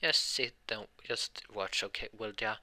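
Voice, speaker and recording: A man's voice: on the low side, unhurried, pushed and bright, full character voice. All Might, as a man puts him on, a formal hero mentor. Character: big male hero mentor, formal and kindly.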